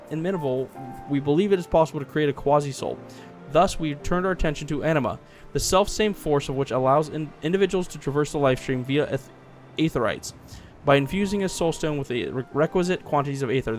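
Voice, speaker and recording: A man's voice: fairly high pitch, voice pushed up, lightly acted. A man voicing a pompous young male scholar who talks formally and stumbles over long words.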